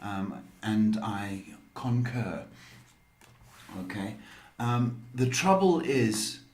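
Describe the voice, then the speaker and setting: A man's voice: on the low side, lively intonation, drawn-out words, a little mellow, echoey room. A man giving psychic readings on a live stream, talking with many hesitant ums. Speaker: psychic reader.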